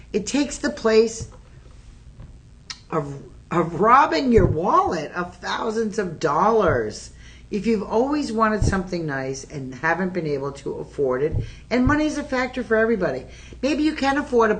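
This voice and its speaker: Low-voiced woman hosting a sales pitch. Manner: chatty, excitable, addresses viewers directly. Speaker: shopping channel host. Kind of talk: live-stream sales pitch. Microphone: phone.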